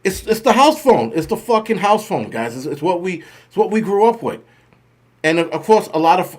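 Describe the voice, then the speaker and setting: Profane rambling middle-aged man host. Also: fairly high pitch. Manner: swears constantly, rambling, self-mocking about getting old. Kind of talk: profane casual livestream rant.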